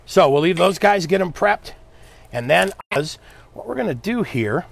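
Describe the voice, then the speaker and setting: A man's voice: high-pitched, very animated, normal speed, gravelly. A man hosting a live cooking demo, chatting upbeat with viewers and his helper as he cooks. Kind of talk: live cooking stream, casual chat.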